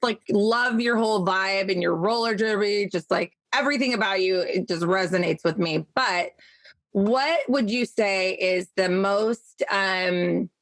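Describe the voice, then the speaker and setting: A woman's voice: mid-range voice, fairly bright tone, dry recording. A woman hosting a podcast interview, talking casually and enthusiastically and swearing freely. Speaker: podcast host.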